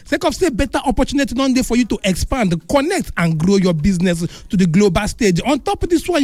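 Lively Nigerian Pidgin-speaking radio man. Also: high voice, dry recording. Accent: Nigerian Pidgin English. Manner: playful, lively ad delivery. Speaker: radio co-host. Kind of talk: casual banter and ad read.

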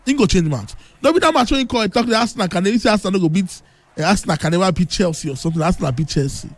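Boastful Nigerian man, husky and lively. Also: high-pitched, very fast, dry recording. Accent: Nigerian Pidgin English. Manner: brash, teasing, loud boasting. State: thick, under-the-weather voice. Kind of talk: boastful casual radio banter.

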